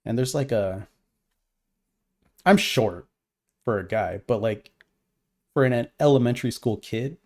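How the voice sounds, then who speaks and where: A man in a middle register tells a story with a lot of swearing and plenty of heat. His delivery is animated and conversational, the way a podcast co-host riffs with a friend. The tone stays casual and worked up. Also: mid-range voice, measured pace, long pauses. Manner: profane, animated storytelling, heated.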